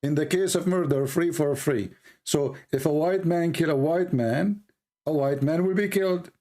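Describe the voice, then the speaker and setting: A man with an Arabic accent presses his debate opponent with blunt, repeated questions. His voice sits a bit high, and it grows hoarse as he coughs and loses it. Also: normal speed, dark tone. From Middle East. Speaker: debate host. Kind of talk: heated online debate.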